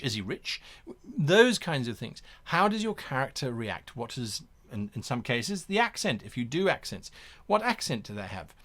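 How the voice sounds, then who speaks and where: A man hosting an instructional talk in an animated way, acting out examples as he goes. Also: on the high side. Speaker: host.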